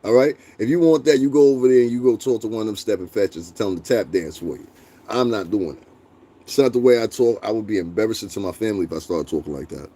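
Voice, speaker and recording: A livestream host rants bluntly and profanely, answering his chat in an animated way. He talks fast in a voice on the low side.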